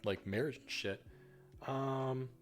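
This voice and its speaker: A man's voice: mid-range voice, slow. A young man from the northern United States, chatting casually while he paints on a livestream, rambling and swearing freely with lots of fillers. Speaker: streamer. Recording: faint music behind.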